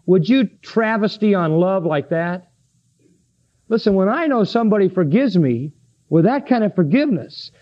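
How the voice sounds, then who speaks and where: A man preaching a sermon with emphasis, asking his listeners questions and answering them. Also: high-pitched. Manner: emphatic, asks the congregation questions. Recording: dull lo-fi recording.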